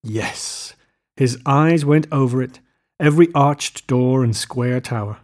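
A man narrates a classic novel at an even, measured pace. His reading is descriptive and unhurried, carrying long literary sentences smoothly. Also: mid-range voice. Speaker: audiobook narrator.

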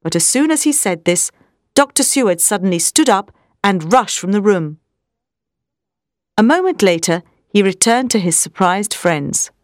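A woman reading a storybook aloud as narrator, in a clear, expressive way. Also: medium pitch, moderate pace, no room sound, clean studio sound.

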